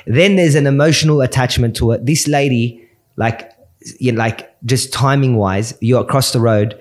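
A man's voice: medium pitch, normal speed. A man hosting a casual interview. He asks loose questions full of fillers and restarts. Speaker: interview host.

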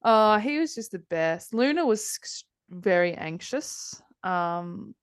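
A woman's voice: mid-range voice, expressive, takes it slowly, smooth, no room sound. Aussie woman in her 30s, guest on a podcast, chatty and sweary, lots of restarts, dry close mic. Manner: candid, chatty, swears freely, rambling restarts. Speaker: guest telling her birth story. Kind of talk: casual conversation.

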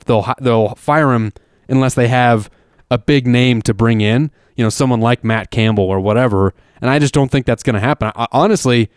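A man's voice: mid-range voice, darkish tone, dry recording, clean studio sound. A man hosting a casual sports chat, rambling and emphatic, with frequent restarts.

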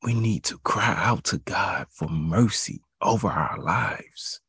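Male preacher, low gravelly voice, slow and emphatic, built on repeated phrases. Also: fairly bright tone, no room sound, studio quality. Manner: emphatic, repetitive preaching cadence. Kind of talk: devotional sermon.

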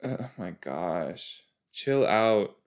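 Male podcast host, unhurried casual reaction commentary, rambling with frequent exclamations. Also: lowish voice, lively intonation, smooth. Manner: chatty, rambling, exclaiming with frequent self-interruptions.

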